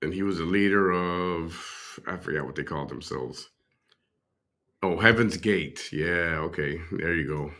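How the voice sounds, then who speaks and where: A man's voice: low voice, unhurried, bright, forceful tone. A man hosting a reaction stream, rambling and thinking aloud as he speaks to his chat. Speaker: host. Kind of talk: casual reaction commentary.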